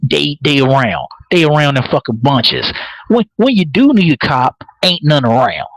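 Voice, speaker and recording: A man's voice: on the high side, moderate pace, vocal fry, dry recording, rough recording. A man hosting a live podcast, recapping a TV episode in casual, profane storytelling, repeating words as he builds each point. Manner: animated, repeats words while building a point, laughs often.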